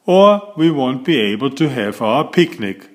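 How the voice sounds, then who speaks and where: Brisk teacher addressing her class in a picture book, firm and bright; man voices her. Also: mid-range voice, very animated. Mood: announcing. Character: cheerful schoolteacher woman, firm with class.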